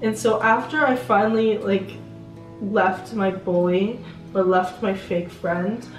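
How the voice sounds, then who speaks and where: A woman's voice: medium pitch, steady tone, slow. Earnest teenage girl, distant roomy mic. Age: teens. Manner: earnest, rambling with fillers. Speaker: channel co-host. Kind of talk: casual sit-down chat. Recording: roomy sound, mic at a distance, faint music.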